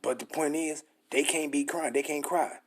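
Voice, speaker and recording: A young man preaching and reading scripture aloud, emphatic and blunt, dropping into a slow, deliberate pace for the verses. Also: a little high, steady tone, breathy edge. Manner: emphatic, blunt and profane, slows way down to read verses. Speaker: scripture teacher.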